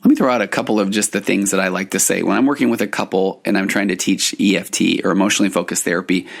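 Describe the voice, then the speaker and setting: Male therapist-host, earnest teacher, slightly low voice with vocal fry. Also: steady tone, fast. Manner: earnest, explanatory, often restarting phrases. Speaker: podcast host and marriage therapist. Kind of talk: solo podcast teaching.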